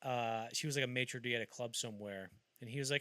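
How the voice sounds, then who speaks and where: Fast and medium-pitched over a dry recording, a podcast host spins film-history anecdotes in relaxed conversation. He acts out each quote with animated flair.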